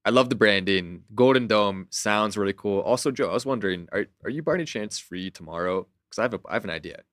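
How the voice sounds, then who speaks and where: A man co-hosting a casual political chat show, making sarcastic deadpan jokes with stammering restarts. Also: fairly low pitch, fast, no echo, clean studio sound. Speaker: co-host.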